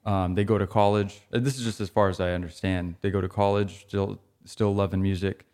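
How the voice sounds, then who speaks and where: A man's voice: low voice, steady tone, a little fast, darkish tone. A young man co-hosting a casual music podcast, telling a band's story with hesitant restarts. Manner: storytelling, hesitant, self-correcting. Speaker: podcast co-host. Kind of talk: casual chat about music.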